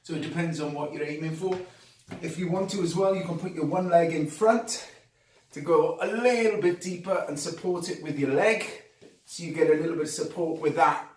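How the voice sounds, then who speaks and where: Guy doing a home workout vid, kinda high voice, out of breath, echoey room far from the mic. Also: normal speed, darkish tone, a little hiss or hum. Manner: talks while exercising, breathless groans between reps. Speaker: fitness coach.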